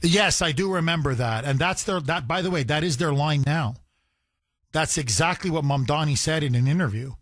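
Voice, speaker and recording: A man's voice: on the high side, normal speed, a bit bright, no echo, clean studio sound. A man hosting a call-in talk radio show, talking emphatically with sarcastic jabs. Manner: sarcastic, emphatic, mocking imitations.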